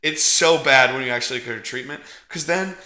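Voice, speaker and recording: A man co-hosting a casual movie review podcast, talking in an animated, profane way and acting out character lines as he goes. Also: mid-range voice, quick pace, roomy sound. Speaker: podcast co-host.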